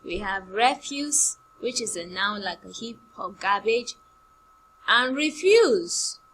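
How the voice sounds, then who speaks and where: Slow, bright-voiced woman teacher. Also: mid-range voice, a little hiss or hum, poor audio. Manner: slow, drilling words by repetition with example sentences. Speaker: primary school English teacher. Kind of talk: online class lesson.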